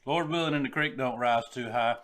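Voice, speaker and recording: A man's voice: medium pitch, a little fast, fairly bright tone. A man with a Southern US accent, hosting a casual cooking vlog in a folksy way and calling his viewers y'all. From Southern United States. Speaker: cooking vlogger.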